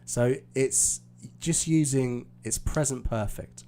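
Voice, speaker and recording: Slow gravelly British teacher. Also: male voice, medium pitch, mellow. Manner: explaining patiently, hesitant fillers. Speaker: IELTS teacher. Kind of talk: live stream lesson.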